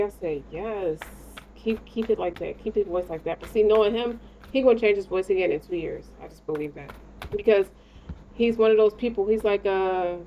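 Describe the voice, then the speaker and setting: A woman giving a casual tarot reading, rambling, slangy and profane, talking straight to the listener. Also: medium pitch. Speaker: tarot reader. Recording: dull lo-fi sound with faint noise.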